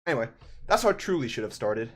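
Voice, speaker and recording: A man's voice: medium pitch, big pitch swings, fast, very noisy. A young man in his twenties, a gaming YouTuber, ranting in casual, sarcastic commentary.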